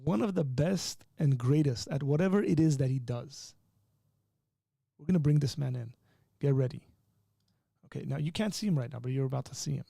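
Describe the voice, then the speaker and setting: A man hosting a live call-in stream, talking in an animated, joking way as he teaches with rising emphasis. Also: medium pitch, moderate pace, creaky, slightly rough, dry recording, studio quality. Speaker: livestream host. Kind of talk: live call-in show chat.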